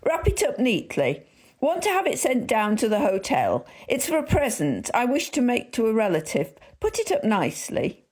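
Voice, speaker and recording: A woman voicing a mischievous male actor calmly pretending to be deaf in a shop. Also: on the high side, moderate pace, husky, pitched above the performer's own voice, exaggerated voice. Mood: breezy. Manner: breezy, unflappable.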